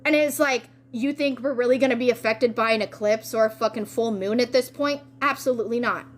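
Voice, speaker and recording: Excitable, swearing woman tarot reader. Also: fairly high pitch, fairly quick. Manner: excitable, swears freely, slangy. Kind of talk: casual spiritual reading.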